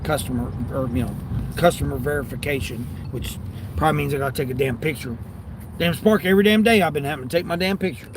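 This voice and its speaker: A fairly high-pitched man chats loosely to his livestream viewers from the driver's seat. Faint road and car noise sits under his voice. He rambles and answers comments as they come in. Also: quick pace. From United States. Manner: rambling, talks back to chat. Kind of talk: casual livestream chat.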